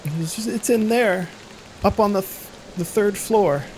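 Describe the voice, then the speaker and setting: A frightened little girl pleads for help in a small, high voice, as a man puts her on. She sounds shaky and childlike, with steady rain pattering faintly behind. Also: unhurried, a little hiss or hum. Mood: pleading.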